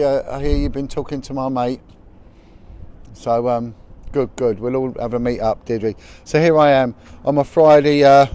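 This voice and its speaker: Mellow, clear and resonant, a man's mid-range voice greets viewers by name during a casual livestream. He's outdoors above the city at sunset, filming on his phone, and faint traffic noise comes through.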